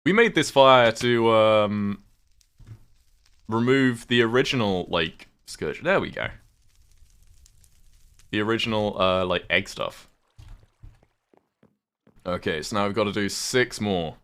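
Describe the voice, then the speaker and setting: A man's voice: on the low side, lively intonation, slow, pauses often, a bit bright, clean tone. A British man chatting casually on a livestream while gaming, rambling, swearing offhand and thanking viewers. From United Kingdom.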